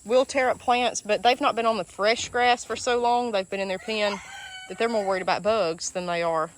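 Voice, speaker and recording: Against a backdrop of outdoor sound, chickens and ducks, a woman from Alabama with a Southern US accent gives a casual garden walking tour on her homestead vlog, talking emotionally to viewers. She speaks in a mid-range voice with fairly even intonation and a moderate pace, and there's a little hiss or hum.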